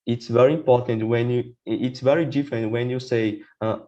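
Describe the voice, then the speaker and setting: A man's voice: mid-range voice, fairly even intonation, normal speed, few pauses, darkish tone, muffled recording. A man speaking as a guest on a casual podcast about learning English. He talks hesitantly, often saying "for example" and "right?".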